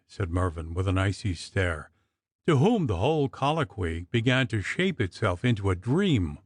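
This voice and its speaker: A man narrating a gothic audiobook in a measured storytelling manner. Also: lowish voice, big pitch swings, dry recording, studio quality.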